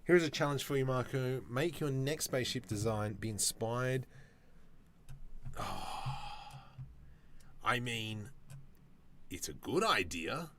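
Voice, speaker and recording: A man's voice: medium pitch, expressive, takes it slowly, long pauses, noisy background. A man chatting casually on a live stream while he works, reacting to viewer comments with jokes.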